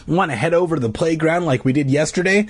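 A man's voice: on the high side, fast, slightly rough, pitched above the performer's own voice. A man doing an offhand muttering boy. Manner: casual, muttering. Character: offhand boy living in another's body.

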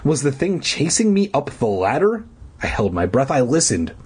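A man's voice: mid-range voice, very animated, moderate pace, a little mellow, husky. A man reading a horror book aloud for laughs, breaking off into snarky, profane asides. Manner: snarky asides, swearing, mock drama. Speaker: comedic reader.

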